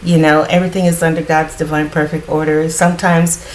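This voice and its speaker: Low-voiced woman with a groggy morning voice. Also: level tone, brisk, slight background noise, rough recording. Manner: reassuring, rambling with many fillers. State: groggy morning voice, clearing her throat. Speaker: tarot card reader. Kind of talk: casual spiritual card reading.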